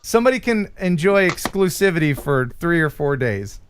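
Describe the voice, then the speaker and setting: A man's voice: on the high side, sing-song, moderate pace, slight background noise. An American man hosting a casual live stream, joking around and reading chat comments aloud. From United States. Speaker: host.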